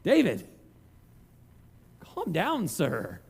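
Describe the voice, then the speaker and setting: A man's voice: sits high, wildly swooping pitch, drawn-out words, gravelly, a little mellow, breathy edge. A man preaching a conversational sermon, telling self-deprecating stories. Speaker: pastor.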